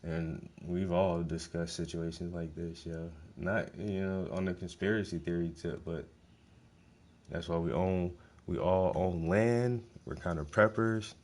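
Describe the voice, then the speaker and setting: A host with a low, deep, slightly mellow voice delivers a loose, casual monologue at a measured pace and steady tone. Blunt and emphatic, he swears constantly and keeps repeating words to hammer his point home.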